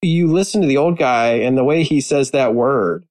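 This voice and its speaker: A man chatting casually as a panelist, animated and amused as he retells favorite scenes. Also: medium pitch, normal speed, poor audio. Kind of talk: casual chat.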